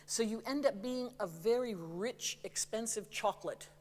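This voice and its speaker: This masterclass coaching comes from a woman voice teacher on a theater stage, her fairly high voice moving at a moderate pace with a long reverb tail behind it. Chatty and lively, she demonstrates constantly, slipping into sung examples and adding some apologetic humor.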